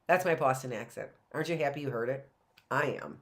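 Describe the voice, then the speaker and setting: A woman's voice: a bass voice, animated, quick pace, a bit bright. A middle-aged woman teacher talking casually and rambling to her class in a video lesson. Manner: rambling and chatty, talking to students.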